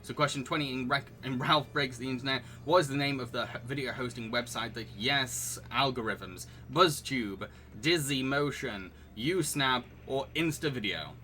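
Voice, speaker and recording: A man's voice: medium pitch, normal speed, sharp tone. A man hosting a live-streamed quiz, reading out questions and options and chatting with his audience between laughs. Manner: chatty and giggly, reading out questions and answering chat. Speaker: quiz host.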